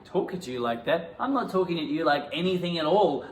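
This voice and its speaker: A man teaching an acting lesson, jumping into loud, indignant improvised scenes. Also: a little high, lively intonation, brisk, hardly any pauses. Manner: bursts into loud indignant outbursts during scenes. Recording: echoey room.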